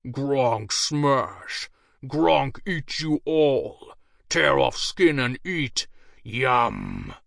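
A man puts on a huge, crude green ogre who roars his broken words slowly and loudly, each one dragged out. The voice is set close and dry, with no room around it. It sounds like a monster from a storybook. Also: mid-range voice, very animated, creaky, no echo, full character voice. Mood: menacing. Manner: broken grunting speech, slow and loud.

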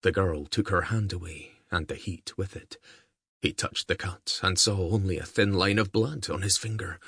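Male audiobook narrator, deep husky voice, calm even delivery, dry close recording. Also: normal speed, no echo.

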